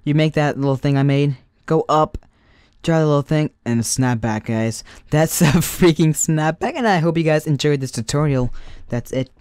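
A man's voice: on the high side, moderate pace, darkish tone, clear, resonant tone, dry recording, clean studio sound. A young man telling a storytime and drawing a tutorial in a casual, joking, rambling way. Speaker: YouTuber.

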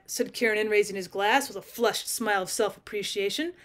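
A woman who works as a teacher, narrating a classic short story as an audiobook in a clear, steady storytelling manner. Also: medium pitch, fairly quick, hardly any pauses. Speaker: teacher reading aloud.

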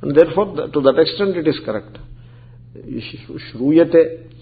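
A man's voice: on the high side, lively intonation, measured pace. A man, teaching scripture as a swami in a conversational, explanatory lecture. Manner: conversational, explanatory, peppered with Sanskrit terms. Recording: tinny phone-like recording.

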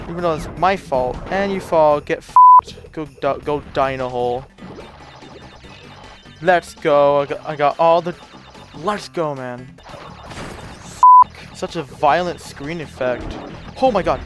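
A man giving casual commentary while playing a video game, frustrated, swearing often and muttering to himself. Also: fairly high pitch. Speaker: let's play gamer. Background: game music.

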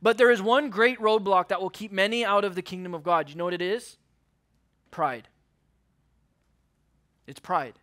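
High, bright-voiced young man preaching. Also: fast, few pauses. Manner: earnest preaching, acts out quotes, drops to a hush on key words. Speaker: youth pastor. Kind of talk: sermon. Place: church youth service.

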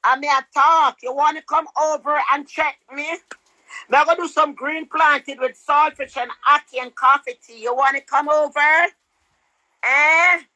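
A Jamaican woman ranting loudly into her phone in patois, cursing, shouting and chanting. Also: sits high, fairly even intonation, unhurried, dry recording, low-quality recording.

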